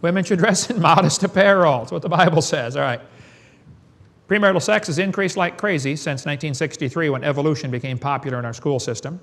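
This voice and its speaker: A man's voice: on the high side, quick pace, fairly bright tone. A man giving a preaching lecture to an audience in a folksy, emphatic way, firing off rhetorical questions and chuckling. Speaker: creationist seminar speaker.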